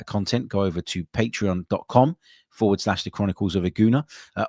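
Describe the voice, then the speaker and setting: A man with a very low voice hosts a live football podcast, talking loosely and filling pauses with plenty of ums and uhs. He reacts to viewer comments as he reads them out. The sound is close and dry, with little room in it. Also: no room sound. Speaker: podcast host.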